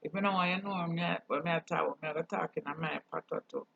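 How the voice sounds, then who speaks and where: Gravelly Jamaican man, husky and earnest. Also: fairly high pitch, quick pace, fairly bright tone, dry recording. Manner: earnest, preachy, mixes patois with English. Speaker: channel host. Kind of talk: casual monologue. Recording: dull dry recording.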